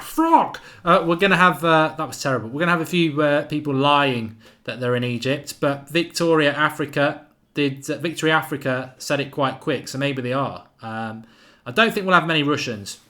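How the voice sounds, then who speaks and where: A man's voice: fairly high pitch, pushed and bright. A man hosting a live football watchalong, chatting casually and reading out viewer comments. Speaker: watchalong host.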